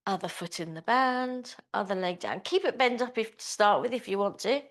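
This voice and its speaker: A woman's voice: medium pitch, moderate pace. A woman teaching a small Pilates class, giving encouraging, chatty cues. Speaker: pilates instructor. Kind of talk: live class instruction.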